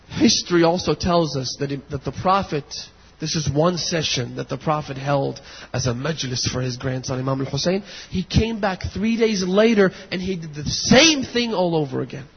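Impassioned husky male preacher in a hall. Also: fairly high pitch. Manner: impassioned, builds to near shouts and weeping intensity; hushed, slow storytelling voice. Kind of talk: sermon. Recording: dull lo-fi audio in a long-reverb hall.

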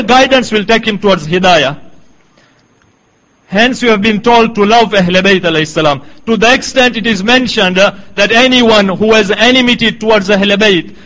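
A middle-aged man preaching a sermon in a measured, emphatic way, quoting Arabic passages. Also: high voice, pushed and bright, low-quality recording.

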